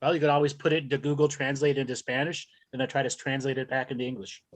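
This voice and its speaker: A man's voice: medium pitch, little pitch movement, fast, no echo. A man co-hosting a casual comedy chat, upbeat as he wraps up the show. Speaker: co-host.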